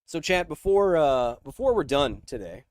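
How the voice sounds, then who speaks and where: Animated man hosting a science livestream. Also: fairly high pitch, a little hiss or hum. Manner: energetic, joking, shifts between slow dramatic emphasis and quick asides. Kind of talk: casual livestream chat reading viewer questions.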